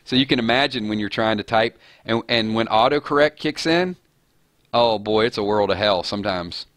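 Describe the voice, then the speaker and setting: A man's voice: lowish voice, moderate pace, fairly bright tone, dry recording. A man hosting a casual live-stream chat, rambling and chuckling as he talks. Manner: rambling, chuckling, self-deprecating. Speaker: host.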